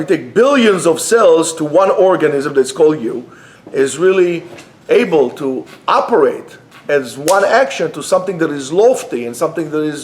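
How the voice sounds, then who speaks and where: A man teaching an informal Torah class at a yeshiva, talking conversationally and often restarting his phrases. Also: on the high side. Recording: echoey room.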